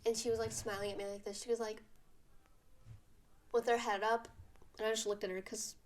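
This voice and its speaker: A teenage girl telling a school drama story in a casual vlog, animated and venting with lots of fillers. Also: fairly high pitch, a little fast, a little hiss or hum. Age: teens. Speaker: vlogger.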